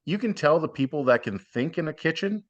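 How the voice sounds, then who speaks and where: A man's voice: fairly high pitch, expressive, fairly quick, highs cut off. A man giving blunt, plainspoken advice as a guest in a casual podcast interview. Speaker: podcast guest, former cooking show contestant.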